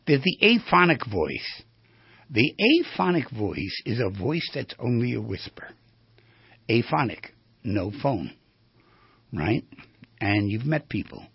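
A male therapist giving a storytelling lecture on the voice, animated and asking his audience questions. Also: medium pitch, measured pace, pauses often, no echo, highs cut off. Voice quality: very raspy, gravelly.

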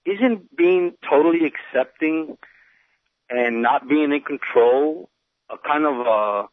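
A man calling in to a radio show, speaking hesitantly with many pauses and restarts as he confides. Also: on the high side, no room sound. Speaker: radio caller. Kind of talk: phone-in conversation. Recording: tinny phone line on radio.

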